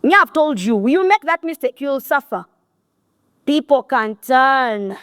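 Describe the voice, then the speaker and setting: A woman's voice: high voice, animated, unhurried, fairly bright tone, no echo, studio quality. A middle-aged woman with a Ugandan accent gives a blunt, scolding motivational talk to an audience. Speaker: motivational speaker.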